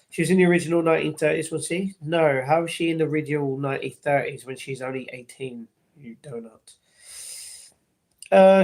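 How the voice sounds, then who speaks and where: A man's voice: a little high, a little mellow. A man livestreaming from home, chatting casually and answering viewers' chat messages aloud, sometimes a bit defensive. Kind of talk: casual live-stream chat.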